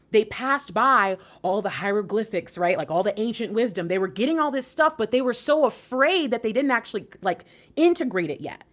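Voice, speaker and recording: A woman's voice: on the high side, a bit bright. A woman giving an intuitive spiritual reading to camera in a casual, emotional way, exclaiming often and swearing offhandedly. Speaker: intuitive tarot reader.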